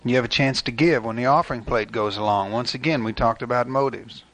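A man's voice: medium pitch, a little fast, a bit bright. An older man preaching a sermon in a folksy, conversational way, acting out little asides. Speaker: pastor.

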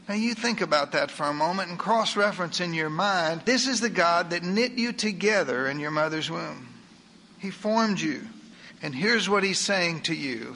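A man preaching a sermon in an earnest way, slowing down when he reads scripture aloud. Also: sits high, pushed and bright, slight background noise.

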